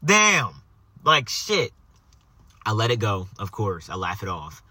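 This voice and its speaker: A young man tells a story in a relaxed, profane way, acting out what everyone said. His voice is bright and a little husky. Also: lowish voice, slow, dry recording. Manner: animated, profane anecdote telling with quoted dialogue. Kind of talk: casual chat.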